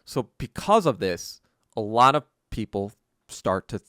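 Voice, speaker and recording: A man delivers a long solo podcast monologue, drifting through fillers and restarts with the odd curse thrown in. His voice sits low and sounds smooth and resonant. The close mic keeps it dry, with no room around it. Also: very animated, a little slow, fairly bright tone, no room sound. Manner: rambling, many fillers and restarts, casual swearing. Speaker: podcast host.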